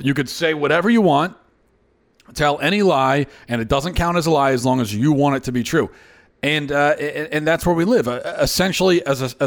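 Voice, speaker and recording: A man in his thirties hosting an opinion monologue, exasperated and often stammering and restarting his sentences. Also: fairly high pitch. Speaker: host.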